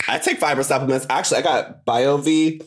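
A man's voice: mid-range voice, brisk. A man co-hosting a podcast in casual chat, campy and slangy, laughing often. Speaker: podcast co-host.

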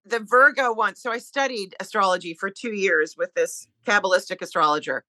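Bright, joking woman guest. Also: medium pitch, rough recording. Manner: joking, quick-witted storyteller. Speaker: podcast guest. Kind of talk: casual interview chat.

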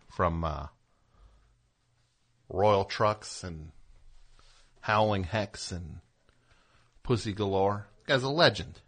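Male radio host, low voice, forceful bright tone, rambling comedic chat. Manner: digressive, chatty, plugs music between jokes.

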